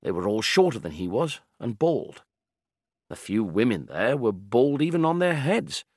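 A man reading an audiobook in a measured, calm, descriptive manner. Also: mid-range voice, husky, no echo, clean studio sound. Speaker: narrator. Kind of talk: scripted audiobook narration.

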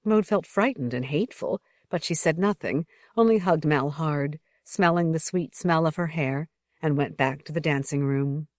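A woman narrating an audiobook in an even, measured reading. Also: sits low, dry recording, clean studio sound.

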